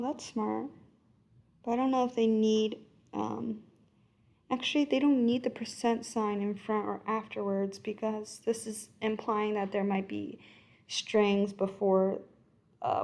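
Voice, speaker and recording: A woman's voice: mid-range voice, little pitch movement, unhurried, gravelly, darkish tone. A woman thinking aloud as she works through a coding exercise, correcting herself and murmuring code as she types. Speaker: coding tutor. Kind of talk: screen-recorded coding walkthrough.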